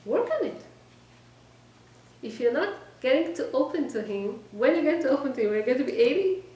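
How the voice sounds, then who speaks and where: A woman teaching a weekly class to a small group, direct and exhorting, often checking in with her listeners and trading quick replies with them. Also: high voice, lively intonation, dark tone. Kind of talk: informal lecture to a small group. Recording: echoey room, distant mic, faint background noise.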